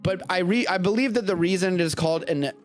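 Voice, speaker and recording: A man's voice: high voice, fast, faint music behind. An American man hosting a live-streamed show, chatting casually in a rambling, jokey way. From United States. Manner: rambling, animated, jokey asides. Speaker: podcast host.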